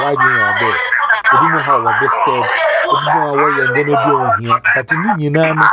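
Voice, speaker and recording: A man, a minister, preaching informally and rambling as he switches languages mid-sentence. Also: mid-range voice. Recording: loud background noise.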